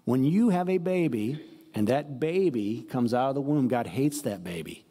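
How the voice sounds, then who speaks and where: Husky-voiced male pastor preaching. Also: mid-range voice, lively intonation, normal speed, mellow, long reverb tail. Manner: emphatic, blunt, conversational preaching. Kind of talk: sermon. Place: church sanctuary.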